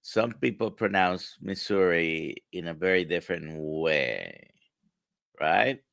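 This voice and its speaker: A man hosting a livestream in a relaxed way, with many fillers and pauses. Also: deep voice, creaky, dry recording, clean studio sound. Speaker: livestream host. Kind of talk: casual livestream talk.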